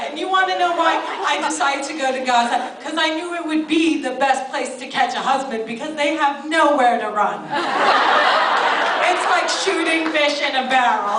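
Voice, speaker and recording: A woman in her thirties performing a stand-up comedy set, chatty and self-mocking, with lots of ums and asides. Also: sits high. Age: 30s. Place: live comedy venue. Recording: far-off roomy live club recording. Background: loud audience laughter and noise.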